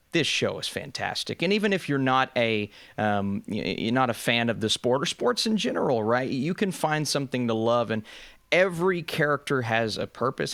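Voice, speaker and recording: A man's voice: medium pitch, gravelly, fairly bright tone, no echo. Enthusiastic man on a podcast, dry sound. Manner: enthusiastic, laughs often. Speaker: guest youtuber. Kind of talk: casual podcast chat.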